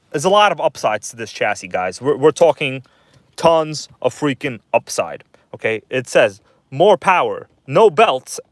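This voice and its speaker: A man's voice: mid-range voice, no room sound. A man hosting a casual livestream from inside his parked car at night, chatting loosely and greeting viewers by name. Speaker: livestream host. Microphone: phone.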